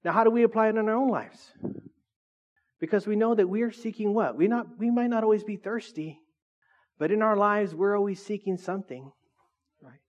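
A man's voice: high-pitched, brisk, long pauses, darkish tone, highs cut off. A man preaching a casual, joking sermon, teasing his audience and asking them questions.

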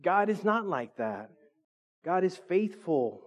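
Upbeat pastor with a slightly high voice. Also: male voice, slow. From California. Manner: lively, joking, acts out voices of people in his stories. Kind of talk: sermon. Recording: dull lo-fi sound.

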